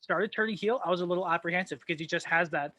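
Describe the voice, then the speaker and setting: High, bright-voiced male co-host. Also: very fast, dry recording. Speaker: podcast co-host. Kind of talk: casual wrestling news chat.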